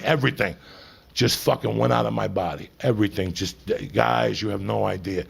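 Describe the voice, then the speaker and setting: A man's voice: lowish voice, fairly even intonation, quick pace. A middle-aged man doing stand-up comedy, telling a long confessional story to the crowd in a profane, rambling way. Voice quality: gravelly, husky voice.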